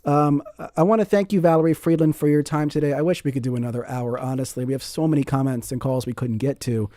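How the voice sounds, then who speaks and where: A man hosting a public radio talk show from a studio, measured and friendly as he interviews and signs off. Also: mid-range voice, steady tone, mellow, no room sound. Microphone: studio microphone.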